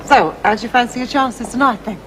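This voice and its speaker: A woman's voice: on the high side, quick pace, a bit bright, a little hiss or hum, close to an everyday voice, rough recording. An actress playing a chatty, flirtatious woman who giggles a lot, in a 1980s TV sitcom scene.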